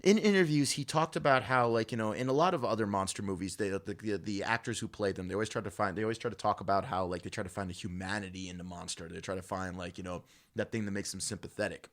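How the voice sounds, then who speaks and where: Brief: male podcast host, quick rambling delivery, filler-heavy casual talk. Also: on the low side, fairly bright tone. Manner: rambling, fast, lots of fillers. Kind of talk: casual movie discussion.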